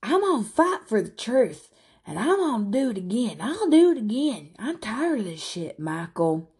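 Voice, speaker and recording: A woman voicing a brash older grandmother who scolds loudly and swears bluntly. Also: deep voice, monotone, slow, creaky, breathy edge, exaggerated voice. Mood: scolding. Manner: loud, scolding, cussing.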